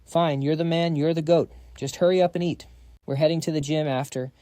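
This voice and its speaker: A man's voice: fairly high pitch, fairly even intonation, fairly quick, warm tone, dry recording, studio quality, natural voice. A man reading as a sassy young female coach. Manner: sassy and teasing.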